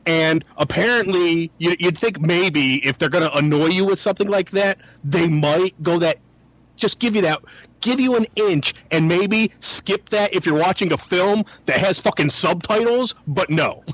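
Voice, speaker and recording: A man's voice: high voice, normal speed, a bit bright, no room sound, low-quality recording. A man co-hosting a podcast, ranting sarcastically with lots of cursing. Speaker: podcast co-host. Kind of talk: crude casual banter.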